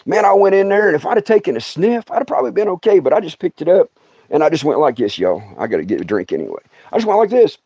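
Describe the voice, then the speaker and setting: A middle-aged man with a drawl tells stories from his youth in an animated way. He laughs often and acts out the scenes. His voice sits a little high and swings widely in pitch. The sound is dry and close. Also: fast talker, husky, dry recording. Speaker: storyteller host. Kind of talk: comic storytelling livestream.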